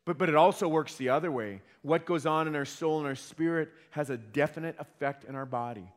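A man's voice: fairly high pitch, fairly quick. A man preaching a sermon in an earnest way, often repeating words as he starts a phrase. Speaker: pastor. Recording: long hall reverb.

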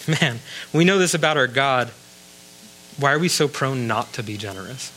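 A male pastor delivers a sermon with a bright, forceful tone. He reads scripture and then talks to the congregation in a relaxed, conversational way, slipping in wry asides. A faint hum sits under the recording. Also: medium pitch, normal speed, poor audio.

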